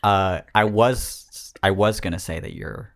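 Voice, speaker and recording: Deep-voiced joking young man. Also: measured pace, fairly bright tone. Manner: rambling, self-mocking, jokey. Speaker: podcast host. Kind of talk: casual chat. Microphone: podcast microphone.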